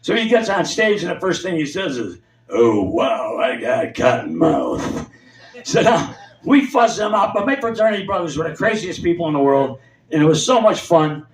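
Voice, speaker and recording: On a comedy club stage, a man in his seventies spins rambling anecdotes and imitates the people who appear in them. His high-pitched voice is animated and brisk. The sound is roomy and distant, as if recorded from the back of the club.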